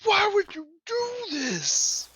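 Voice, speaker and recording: A man's voice: very high voice, wildly swooping pitch, slow pace, bright, forceful tone, no echo, pitched above the performer's own voice, full character voice. A man doing a screaming, furious captive. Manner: screaming, spitting curses. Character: furious bound male captive, cursing.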